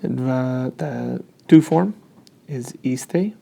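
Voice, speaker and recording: A man's voice: medium pitch, extremely slow, vocal fry, dark tone, husky. A man teaching a Spanish grammar lesson, explaining step by step and checking in often.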